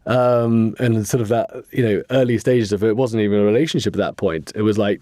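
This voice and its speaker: A man with a fairly low voice talks through a personal story as a podcast guest. He rambles earnestly, filling gaps with ums and restarts. The sound is dry and close. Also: warm tone, no echo. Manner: earnest, rambling, with many pauses and fillers. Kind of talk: casual interview storytelling.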